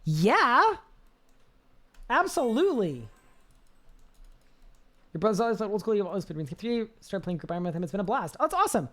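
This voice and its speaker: A man with a high-pitched voice, chatting casually on a live game stream, reading chat aloud and rambling with restarts. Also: big pitch swings, a little fast, long pauses, a bit bright.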